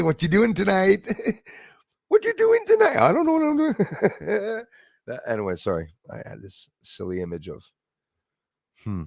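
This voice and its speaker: A man's voice: fairly low pitch, creaky, no echo, clean studio sound. A man hosting a live stream, chatting casually, laughing easily and thanking viewers by name. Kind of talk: casual chat reading viewer comments.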